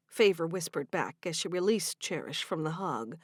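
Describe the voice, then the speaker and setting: Woman narrating a gentle romance audiobook. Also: low-pitched, expressive, moderate pace, hardly any pauses, breathy edge, no room sound, clean studio sound. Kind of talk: scripted narration.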